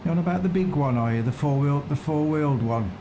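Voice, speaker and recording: A man's voice: fairly high pitch, fast. A man casually streaming a farming game, thinking aloud and chatting with viewers. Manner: musing, unsure, chats with viewers. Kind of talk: casual live-stream commentary. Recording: constant background noise.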